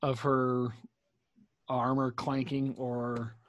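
A man's voice: medium pitch, level tone, drawn-out words. A man playing a tabletop role-playing game, talking casually and hesitating as he decides his moves. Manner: hesitant, restarting sentences. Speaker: player.

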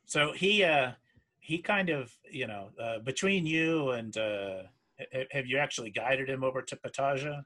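A man's voice: mid-range voice, normal speed, bright, forceful tone. A man acting as game master, describing scenes and calling for rolls with many hesitant restarts. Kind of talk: running a tabletop game.

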